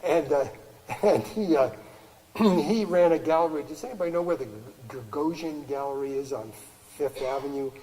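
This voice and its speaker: A man's voice: on the high side, moderate pace, mellow, in a large hall, rough recording. An older man giving a talk to an audience at a gallery, telling stories in a rambling way with many restarts and fillers and frequent laughs.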